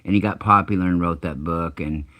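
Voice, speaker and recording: A middle-aged man with an extremely low, rumbling voice tells a long personal story in a loose, conversational way. He swears freely, doubles back on himself and restarts his sentences as he goes. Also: fairly quick, bright, forceful tone. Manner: rambling, profane, self-interrupting. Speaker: channel host. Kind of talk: casual storytelling.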